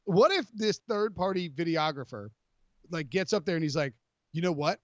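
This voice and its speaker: A man hosting a podcast, his voice sitting a bit high as he rambles in animated, jokey bursts full of restarts and fillers. The sound is dry and a touch dull, like plain podcast audio. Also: moderate pace, no echo. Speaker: podcast host. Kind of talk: casual sports podcast chat.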